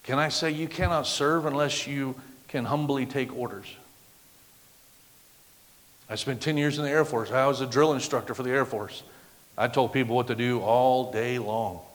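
Loud preaching man in a reverberant church. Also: medium pitch, moderate pace. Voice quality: loud projecting voice. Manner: animated preaching, acting out quoted voices. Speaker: pastor. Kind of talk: sermon. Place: church sanctuary. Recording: long hall reverb.

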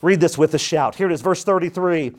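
A pastor with a high-pitched voice delivers a fervent, emphatic sermon in church. He drives his points hard and calls on the congregation to answer back. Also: fairly quick. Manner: energetic, emphatic preaching with call-and-response.

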